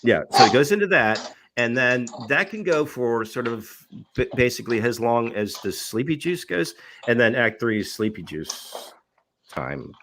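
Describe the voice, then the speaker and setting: Podcast co-host, male, casual and laughing, lively intonation. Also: mid-range voice, moderate pace, noisy background. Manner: laughing, imitates callers and hosts. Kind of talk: casual chat.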